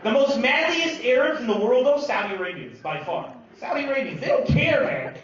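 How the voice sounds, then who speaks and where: A man from Lebanon performs live stand-up, loud and animated as he works the crowd, his voice sitting fairly high. He is heard from far off in a booming, echoey hall. The sound is dull and lo-fi, with a loud crowd laughing behind him. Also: fairly quick. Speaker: stand-up comedian. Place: large comedy venue with live audience.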